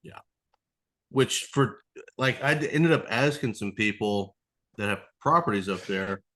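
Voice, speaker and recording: A man's voice: on the low side, animated, a little slow, sharp tone. A man who is a podcast guest, telling a rambling story in casual chat, swearing freely and acting out the other people in it. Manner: rambling, swears a lot, acts out voices.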